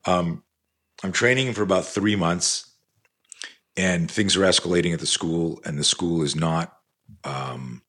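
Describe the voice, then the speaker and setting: Older man, very deep voice, husky, self-defense instructor, swears freely, rambling storyteller. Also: measured pace, pauses often. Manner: animated, profane, rambling with many fillers. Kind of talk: storytelling in a podcast interview.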